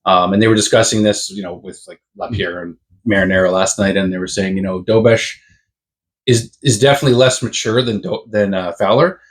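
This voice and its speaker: A man co-hosting a casual sports podcast, talkative, quick to laugh and to push back. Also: fairly low pitch, steady tone. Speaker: podcast co-host.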